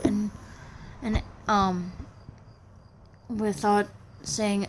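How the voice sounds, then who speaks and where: A woman's voice: mid-range voice, flat delivery, slow pace, long pauses, slight background noise. A woman in her thirties venting in a personal vlog, rambling and aggrieved, restarting her sentences often. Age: 30s. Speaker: vlogger.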